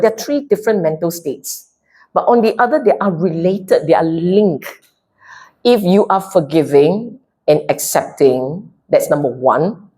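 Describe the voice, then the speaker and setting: A woman's voice: fairly low pitch, slightly rough. A woman with a Singaporean English accent giving a Buddhist Dharma talk, playful and direct, often asking the audience if they follow. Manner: animated and playful, mixing in local slang; direct, keeps checking with the audience. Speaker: Dharma speaker.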